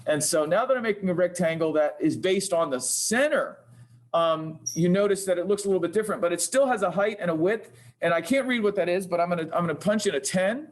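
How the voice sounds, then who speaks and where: Hesitant man thinking aloud, slightly high. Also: fast talker. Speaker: engineering teacher. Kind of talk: screen-recorded software tutorial. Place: classroom with projector. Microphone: computer mic while demonstrating.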